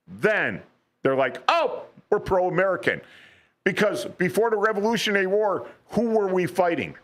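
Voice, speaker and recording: A man's voice: fairly high pitch, a bit bright. Radio guest, man, casual talker, restarts sentences and checks in with "right?" often. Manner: rambling, repeats words, asks "right?". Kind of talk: casual history talk on local radio. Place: radio studio.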